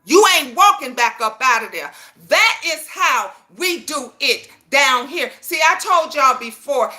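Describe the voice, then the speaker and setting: A woman's voice: high voice, animated, unhurried, hardly any pauses, sharp tone. A woman in her fifties, a YouTube commentator, ranting to viewers in a profane, emphatic, confrontational way, often asking if they understand her. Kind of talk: heated personal rant to viewers.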